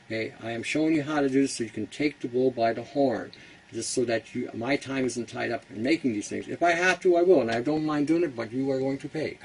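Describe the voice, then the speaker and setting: A man's voice: medium pitch, a little fast, far from the mic, a little hiss or hum, rough recording. A Canadian man hosting a casual how-to talk, blunt and rambling, who laughs at his own jokes. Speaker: host.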